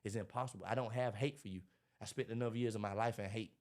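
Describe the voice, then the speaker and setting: A man, talking in a casual interview about his life, animated and preachy, acting out what others say. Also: fairly low pitch, fast talker. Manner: animated, preachy storytelling with acted-out quotes. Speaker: podcast guest, motivational speaker.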